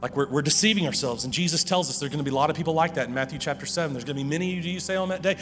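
A man's voice: fairly high pitch, racing, a bit bright. A man preaching a sermon as pastor, earnest, often repeating words as he presses a point. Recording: long hall reverb with music behind.

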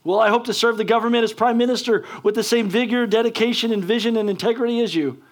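A man's voice: very high-pitched, steady tone, fast talker, pitched above the performer's own voice. A man voicing an eager, earnest young male student who admires his hero.

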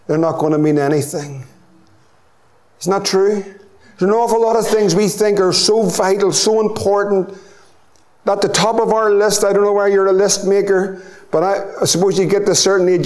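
A man's voice: high-pitched, darkish tone. A middle-aged man with a Northern Irish accent preaching a sermon as pastor, building to impassioned, repeated appeals.

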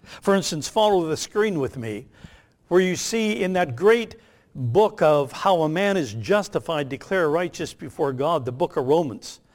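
An older man, a pastor, delivering a sermon with emphatic, measured phrasing that slows on key lines. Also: a little high.

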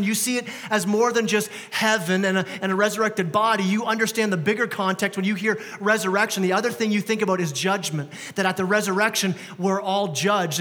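Man, pastor, sermon, emphatic, repeats words, high voice, reverberant church hall. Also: fairly bright tone.

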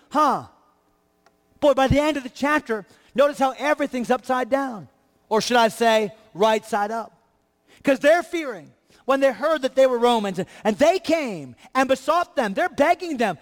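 A man's voice: high-pitched, big-room sound. A male pastor preaching a sermon with emphatic, repetitive rhetoric.

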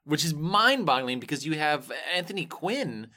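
A man's voice: a little high, very animated, moderate pace, pushed and bright. A man chatting casually as podcast co-host, agreeing and eagerly chiming in. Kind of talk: casual chat.

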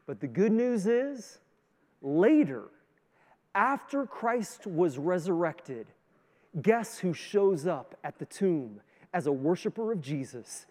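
A man with a Canadian accent preaching a sermon as pastor, his voice swelling loud and then dropping low. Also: big pitch swings, slow pace. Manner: preaching with strong rises and drops in loudness; sings a hymn line with the congregation. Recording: long hall reverb.

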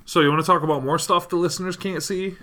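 Dude co-hosting a podcast, relaxed, teases his buddy deadpan. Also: fairly high pitch, fast, slight background noise. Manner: dry teasing, laid-back. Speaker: podcast co-host. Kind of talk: casual chat.

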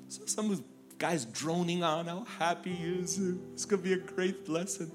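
A middle-aged man from Ukraine preaching and telling a personal story in lively, animated style, acting out the people he quotes. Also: a little high, moderate pace. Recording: music playing underneath.

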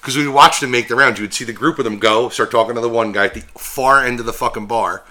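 A man's voice: medium pitch, fast talker, bright, forceful tone. A man co-hosting a podcast, telling loose, profane stories about his bouncer days in casual chat. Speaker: podcast co-host, former bouncer.

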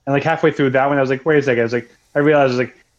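A man's voice: medium pitch, steady tone, racing, highs cut off. Rambling young man, casual chat. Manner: rambling, many restarts and fillers. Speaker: podcast co-host.

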